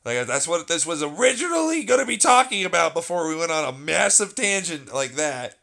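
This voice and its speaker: A man's voice: fairly high pitch, sing-song, brisk, gravelly, sharp tone. A man talking casually and at length, ranting with plenty of swearing and a sarcastic edge. He rambles from point to point, restarting thoughts as he goes.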